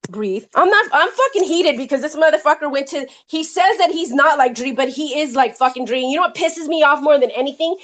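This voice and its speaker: A woman with a notably high voice delivers a heated, profanity-laced rant on her live stream. She talks in rapid bursts of complaint, calling out a rival with no pause for calm. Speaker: livestream host.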